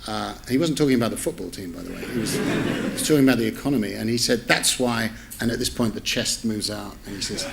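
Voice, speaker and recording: A man's voice: on the low side, fast talker, vocal fry, few pauses, noisy background. Chatty man telling a lecture anecdote. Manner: chatty, self-interrupting, amused asides. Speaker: newspaper editor giving a public lecture. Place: lecture theatre with audience.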